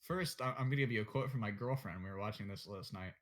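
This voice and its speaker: A man's voice: lowish voice, fast. A young man co-hosting a casual podcast chat, blunt and opinionated, swearing and joking as he goes. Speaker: podcast co-host.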